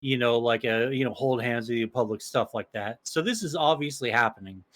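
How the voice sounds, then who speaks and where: A man's voice: medium pitch, fairly quick, fairly bright tone. A young man co-hosting a casual podcast, telling stories in a rambling, profane way, full of restarts and fillers. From small town. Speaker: podcast co-host.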